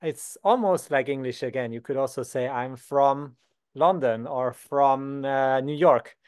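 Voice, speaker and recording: A young man from Switzerland leads a beginner German lesson at an easy, middling pitch. He explains patiently and slows down to model each new word and phrase. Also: a little mellow, smooth. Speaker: German teacher.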